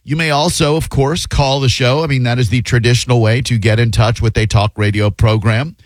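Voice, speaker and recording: A man's voice: mid-range voice, steady tone, fairly quick, no room sound. A man in his fifties filling in as a talk radio host, telling rambling, self-deprecating stories with plenty of fillers. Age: 50s. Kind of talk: casual radio chat and storytelling. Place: radio studio. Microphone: studio broadcast mic.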